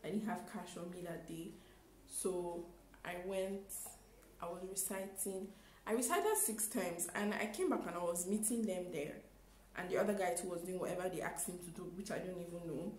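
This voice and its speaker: A young woman, telling a storytime in an animated, exclaiming way with acted-out quotes. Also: on the low side, moderate pace, reverberant, slight background noise, rough recording. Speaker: vlogger. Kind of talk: storytime vlog.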